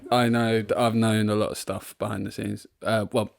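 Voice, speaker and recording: A man's voice: lowish voice, level tone, moderate pace, creaky, dry recording, studio quality. A man from England co-hosting a football podcast, chatting casually and rambling with frequent laughs, recorded in his front room. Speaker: podcast co-host.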